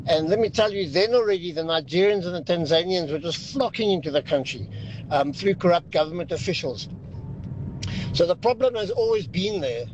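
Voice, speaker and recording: A man's voice: high-pitched, expressive, a little fast, a little mellow, a little hiss or hum, poor audio. A man calling in to a radio show, speaking frankly. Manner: frank, talks plainly about his past. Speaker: radio caller.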